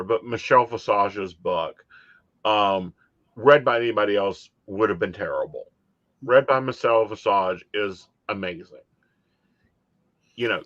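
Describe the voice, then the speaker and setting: A man's voice: low-pitched, a bit bright, no echo. A man hosting a talk show, asking easygoing questions and chatting with enthusiasm. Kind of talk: casual interview chat. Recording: dull, dry lo-fi sound.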